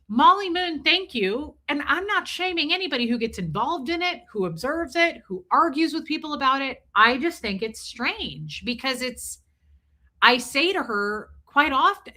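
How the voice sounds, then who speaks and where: A woman's voice: high-pitched, bright, forceful tone. A woman hosting a casual livestream, chatting bluntly with plenty of swearing and thanking her viewers by name. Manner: blunt, profane, chatty, reads and thanks viewers' super chats. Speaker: livestream host. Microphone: streaming mic.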